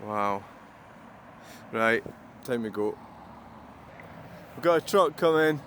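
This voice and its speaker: This vlogger, who spots trucks, delivers a rambling, grumbling monologue beside a busy roundabout and swears without restraint. He has a mid-range, slightly bright voice, expressive and slow-paced. Traffic noise from passing cars and trucks runs through the outdoor recording.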